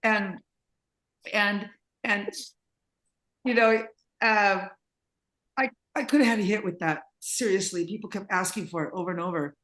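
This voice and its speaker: A woman's voice: medium pitch, unhurried, pauses often, fairly bright tone. Chatty laughing woman telling stories. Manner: chatty, laughs often, rambling anecdotes. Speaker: interviewee, singer and composer. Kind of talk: casual interview chat.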